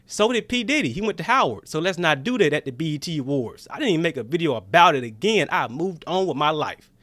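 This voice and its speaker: Twenty-something guy w/ a ranting on a stream, fired up and defiant, high voice, dry close sound. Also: big pitch swings, fast, fairly bright tone, no echo. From Jackson, Mississippi. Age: 20s. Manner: defiant, heated, repeats himself. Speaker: political livestreamer. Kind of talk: casual political rant.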